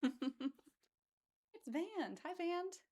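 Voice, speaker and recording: Her voice is extremely high and a little mellow, with lively intonation and a very slow pace. She's hosting a charity speedrun marathon stream, keeping the casual chat bubbly and playful with frequent giggles.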